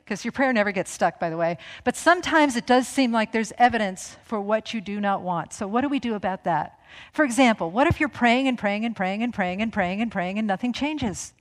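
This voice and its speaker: Gentle woman preaching in a reverberant hall. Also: mid-range voice. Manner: gentle, conversational, with soft laughs and asides. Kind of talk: sermon.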